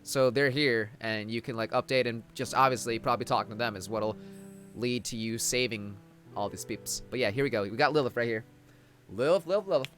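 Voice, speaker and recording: A young man live-streaming a game, rambling and cracking jokes to his chat. His voice is bright and forceful, with soft game music faint in the background. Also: mid-range voice, a little fast. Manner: joking, rambling, reads game dialogue aloud. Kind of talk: casual live-stream commentary.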